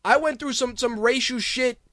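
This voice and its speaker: A man's voice: extremely high pitch, normal speed, bright, forceful tone, no echo, studio quality. A man hosting a radio show, ranting casually in a heated, profane way with lots of restarts. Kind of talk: casual on-air rant.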